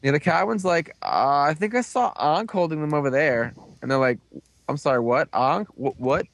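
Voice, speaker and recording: A young man hosting a casual chat, rambling through a recap with lots of fillers and quick put-on voices for the characters. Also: fairly high pitch, gravelly, no echo. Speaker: podcast host recapping a show.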